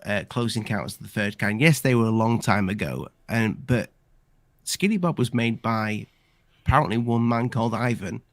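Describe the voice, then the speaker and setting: A man's voice: fairly low pitch, no room sound. A man hosting a casual live discussion, chatting in a rambling way with many restarts. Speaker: channel host.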